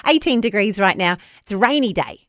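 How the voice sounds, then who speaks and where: A woman hosting breakfast radio, bubbly and quick to laugh. Her voice rises and falls in lively leaps. The studio sound is close and dry. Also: medium pitch, dry recording. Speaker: radio breakfast show host. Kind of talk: casual radio banter.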